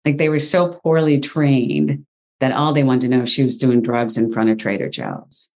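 A woman guest in an interview, telling a personal story in a lively, exclaiming way. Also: very deep voice, moderate pace. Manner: animated, exclaims often.

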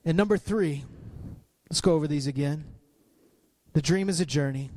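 High-voiced male pastor preaching, repetitive. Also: moderate pace, a little mellow. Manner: preachy, repeats phrases for emphasis, climbs in pitch at peaks. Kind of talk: sermon.

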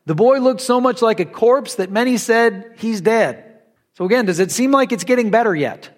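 High-voiced man preaching a sermon. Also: fairly quick. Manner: conversational, animated storytelling with Bible reading.

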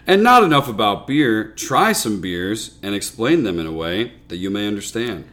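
A man's voice: lowish voice, normal speed. Laid-back American man co-hosting a beer show. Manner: laughs often, animated, playful. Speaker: podcast co-host. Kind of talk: casual beer-tasting chat.

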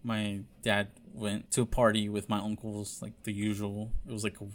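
A man's voice: fairly low pitch, flat delivery, normal speed. Man telling a story, loose and profane. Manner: loose, profane, many fillers; frank and confessional. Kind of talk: casual personal storytelling.

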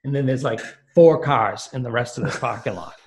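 A man's voice: mid-range voice, a little fast. A man on a podcast telling a long, rambling, profane story in casual talk. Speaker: podcast guest.

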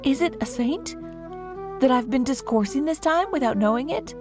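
A woman's voice: sits high, animated, moderate pace, music in the background, pitched above the performer's own voice. A woman doing a kindly, worn-out old king. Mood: earnest. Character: poor, kindly old king who loves his goose.

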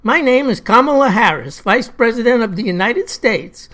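A woman voicing an upbeat, persuasive woman politician, speaking higher and louder than her narration. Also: lively intonation, normal speed.

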